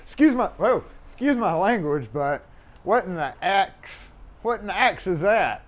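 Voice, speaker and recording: A man's voice: sits high, expressive, a little slow. A man hosting a casual locksmith livestream from his shop, rambling and offhand, cursing now and then as he works on a lock. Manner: rambling, offhand, swears and chuckles while working. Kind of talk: casual live-stream chat. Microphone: mobile mic.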